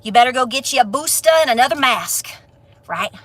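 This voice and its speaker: Appalachian woman vlogger, folksy and sassy, high bright voice. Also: lively intonation, fairly quick, no echo. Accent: Southern Appalachian. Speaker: homestead vlogger. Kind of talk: casual rant to camera.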